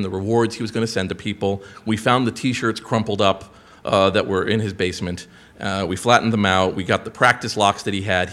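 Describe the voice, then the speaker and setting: A man in his thirties telling a profane story to an audience, animated, swearing and jumping into quoted voices. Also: mid-range voice.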